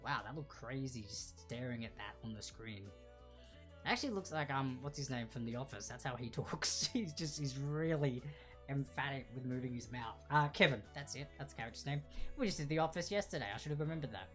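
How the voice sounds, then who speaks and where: Young guy running a trivia stream, jokey and rambling, laughs at his own slip-ups, soft music underneath. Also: mid-range voice, brisk. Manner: chatty, joking, self-deprecating, laughs often. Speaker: trivia quiz host. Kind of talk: casual livestream quiz hosting.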